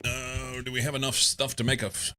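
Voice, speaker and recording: A man's voice: mid-range voice, flat delivery, background noise. A man streaming a game, chatting casually with viewers and musing to himself as he plays. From England. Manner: slow, musing, talks to himself and to chat. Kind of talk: casual live-stream chat while playing.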